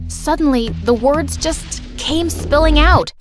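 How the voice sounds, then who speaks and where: First-person storyteller, a woman, lively and high-voiced, light music bed. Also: moderate pace. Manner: lively, expressive and breathless. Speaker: narrator.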